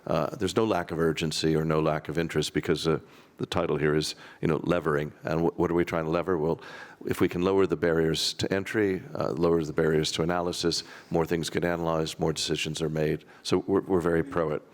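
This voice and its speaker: A man speaks on a conference panel. His voice sits very low with a gravelly fry, and he talks in a wry, rambling way, tossing in dry jokes at his own expense. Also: flat delivery, brisk.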